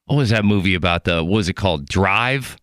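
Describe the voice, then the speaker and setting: A man hosting a podcast in casual chat, animated and rambling with lots of fillers. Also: low-pitched, a little fast, dry recording, studio quality. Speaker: podcast host.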